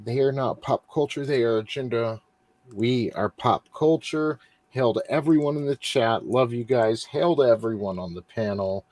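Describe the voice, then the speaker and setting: A man's voice: medium pitch, normal speed, a little mellow, no room sound. A man hosting a casual wrestling podcast, commenting on a story and closing out the show. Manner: easygoing, wraps up the show. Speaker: podcast host. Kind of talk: casual chat and show sign-off.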